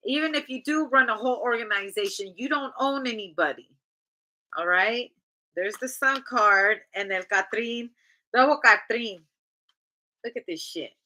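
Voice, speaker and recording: A woman's voice: on the high side, normal speed, pushed and bright, poor audio. A woman giving a casual tarot reading in a blunt, chatty, profane way. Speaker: tarot reader.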